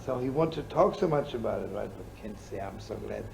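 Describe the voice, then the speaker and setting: Gravelly rabbi telling stories, loud hiss. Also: male voice, medium pitch, expressive, fast, rough recording. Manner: rambling and playful, with asides, laughs and Yiddish words. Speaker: rabbi and storyteller. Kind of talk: storytelling sermon to a live audience. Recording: old live recording with loud hiss.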